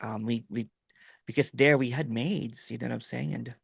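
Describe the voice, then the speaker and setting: A man's voice: medium pitch, fairly even intonation, moderate pace, vocal fry, husky, dry recording, studio quality. A middle-aged man from the Philippines with a Filipino accent, rambling through a story in casual video-call chat with lots of fillers and "right?". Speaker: host.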